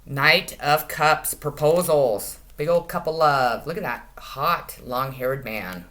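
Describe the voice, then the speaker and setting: A woman giving a casual tarot reading to her channel, crude and profane, jumping between loud cries and quiet asides. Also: low-pitched, animated, slow pace, hardly any pauses. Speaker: tarot reader.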